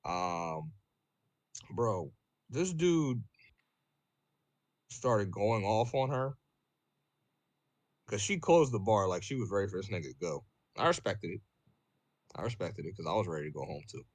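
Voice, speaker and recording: A man on a podcast telling a story in casual chat, profane and animated, full of fillers and "bro". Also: lowish voice, measured pace, long pauses, no room sound.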